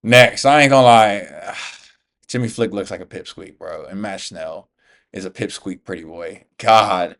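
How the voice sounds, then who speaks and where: A man's voice: sits low, a little slow, vocal fry, a bit bright. A man from the US, an MMA YouTuber, giving casual fight reaction commentary in slangy, profane talk, calling everyone "bro.".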